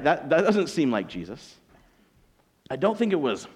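A man preaching a sermon as pastor, telling a story with animated acted-out voices. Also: high-pitched, normal speed, slightly rough.

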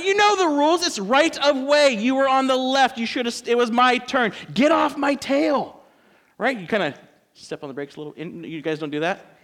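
A man's voice: a little high, fairly bright tone. A male pastor giving a conversational, joking sermon to his church.

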